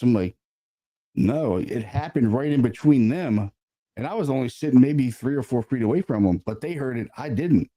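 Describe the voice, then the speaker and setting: Dark-voiced man telling a ghost story. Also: medium pitch, normal speed. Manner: animated, conversational, swears casually, many fillers. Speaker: paranormal investigator guest. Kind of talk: casual storytelling.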